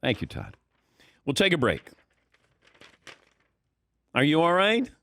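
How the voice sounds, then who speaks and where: A man's voice: on the high side, wildly swooping pitch, slow pace, gravelly, pushed and bright, no room sound. A man hosting a sports talk show, chatting casually with his crew, upbeat and often laughing. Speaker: show host. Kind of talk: casual studio banter. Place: radio studio.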